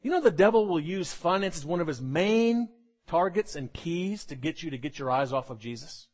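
Animated male preacher with a high voice. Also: moderate pace. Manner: animated, jokey, acts out quoted voices. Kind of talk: sermon with humorous asides.

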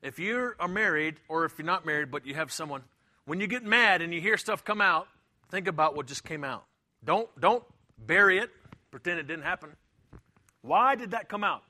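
Preaching in a high, bright voice at normal speed, this middle-aged pastor uses lively intonation. He stresses his points and goes over them again, now and then performing the voices of those he quotes.

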